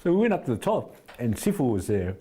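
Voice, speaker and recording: This fight trainer from New Zealand is a middle-aged man guesting on an interview, spinning rambling stories with many restarts in a casual storytelling mode. He talks fast at a medium pitch, swinging widely up and down, and his tone is mellow with a slight roughness.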